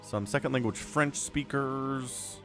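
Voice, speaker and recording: A man's voice: mid-range voice, slow pace, fairly bright tone, faint music behind. A man casting a strategy game match solo, chatty and rambling with jokey asides. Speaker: esports caster. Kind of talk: solo play-by-play game commentary.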